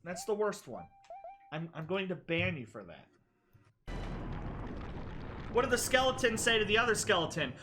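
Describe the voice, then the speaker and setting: A live streamer giving casual reaction commentary, excitable, gushing loudly and then trailing off into mumbles. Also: mid-range voice, normal speed, pauses often, noisy background. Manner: excitable, swings between loud gushing and mumbling. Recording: clear music under the voice. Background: background music.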